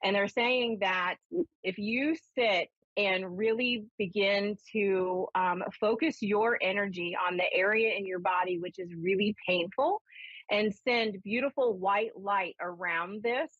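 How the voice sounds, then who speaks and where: A chatty woman from Ohio works as a psychic medium on a live call-in radio show. She tells stories in an animated way, full of fillers. Her voice sounds dry and slightly muffled, like a radio broadcast. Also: mid-range voice, a little slow, dry recording. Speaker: psychic medium and spiritualist minister.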